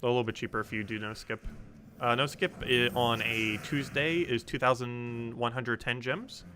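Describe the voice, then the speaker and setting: A man's voice: medium pitch, steady tone, moderate pace, pushed and bright, a little hiss or hum. A young man streaming a game, chatting casually and rambling with many ums while he plays and answers chat. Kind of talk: casual live-stream commentary while playing.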